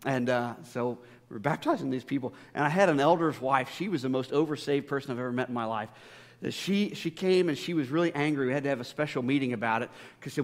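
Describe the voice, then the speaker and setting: Animated and quick, a mid-range male voice preaches a sermon built around stories, conversational but forceful in emphasis. The sound rings with the long reverb of a spacious church hall.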